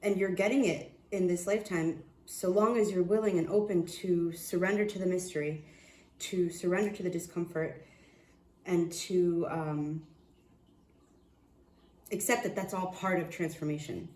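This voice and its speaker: A woman giving a casual tarot reading, excitable and profane, often restarting her sentences. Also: fairly low pitch, moderate pace, echoey room. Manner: excitable, swears, laughs, trails off and restarts. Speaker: tarot reader.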